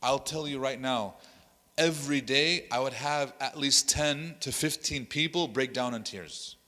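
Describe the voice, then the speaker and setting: A man's voice: mid-range voice, a little slow, pushed and bright, big-room sound. A man, an imam, leading a workshop lecture, telling stories animatedly and acting out what people said, with Arabic phrases mixed into his English. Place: large hall at an Islamic center.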